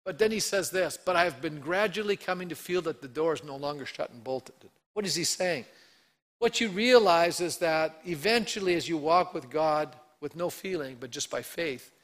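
A male pastor preaching a sermon in a conversational way, acting out the voices he quotes with lively shifts. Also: a little high.

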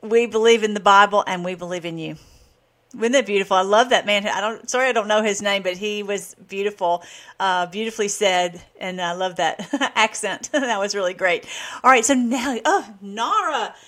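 A woman hosting an online show, chatting excitedly between clips, laughing often and going much higher when worked up. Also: normal speed. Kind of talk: casual commentary over played clips.

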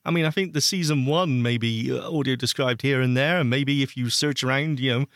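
A man's voice: medium pitch, fairly quick, no echo, clean studio sound. A man co-hosting a podcast in casual chat, blunt and sarcastic, cutting in with short remarks. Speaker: podcast co-host.

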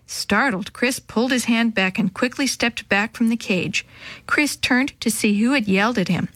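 A woman narrates a children's story in a clear, even storytelling voice. Her pitch sits fairly high. The recording is dry and close, with no room sound. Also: normal speed, no echo.

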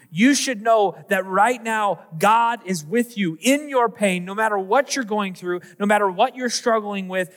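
A man's voice: high-pitched, a bit bright. A man preaching a sermon as pastor, with an earnest, repetitive cadence that builds through his lines. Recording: long echoey hall reverb.

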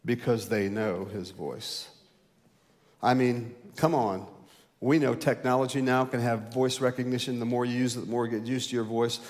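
Preaching pastor in a reverberant hall. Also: male voice, steady tone. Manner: swells loud and high for emphasis, then drops low and slow. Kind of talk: sermon.

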